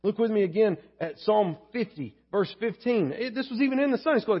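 A man's voice: high-pitched, expressive, a little fast, hardly any pauses, slightly rough. A male pastor preaching a sermon, emphatic and candid, joking with the congregation. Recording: dull lo-fi sermon recording.

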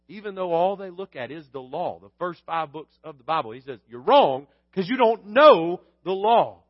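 A man's voice: sits high, no room sound, highs cut off. A man preaching a sermon in a conversational way, acting out quoted lines with humor. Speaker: pastor.

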